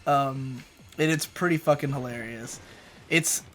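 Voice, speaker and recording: A man's voice: mid-range voice, unhurried. A young man co-hosting a casual gaming chat at home, rambling through a story with loose swearing and jokey exaggeration. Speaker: co-host. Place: home room.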